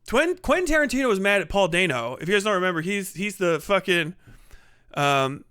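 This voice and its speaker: A man's voice: high-pitched, expressive, fast talker, sharp tone, smooth, no room sound, clean studio sound. A man livestreaming a rambling, profane comedic rant, laughing often and slipping into impressions.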